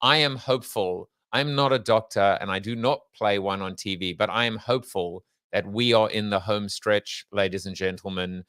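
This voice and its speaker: A man's voice: lowish voice, moderate pace, few pauses, fairly bright tone, clear, resonant tone, no echo, rough recording. A man hosting a casual livestream, talking in a jokey, rambling, self-mocking way. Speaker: host.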